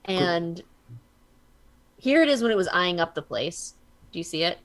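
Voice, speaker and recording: A woman streaming a card game, chatting casually and telling stories in an animated way. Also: fairly low pitch, a little slow. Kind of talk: casual chat while gaming.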